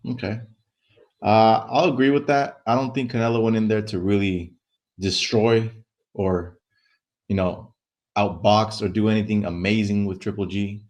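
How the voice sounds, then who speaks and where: A man co-hosting a casual sports chat show, relaxed and easygoing, often trailing off into filler words. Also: lowish voice, moderate pace. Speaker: co-host.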